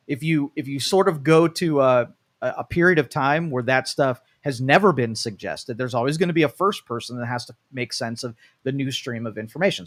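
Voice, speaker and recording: A man's voice: medium pitch, dry recording. A man co-hosting a live talk show, thinking aloud at length and restarting his sentences as he explains his views. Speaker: co-host. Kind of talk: casual talk show discussion. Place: studio.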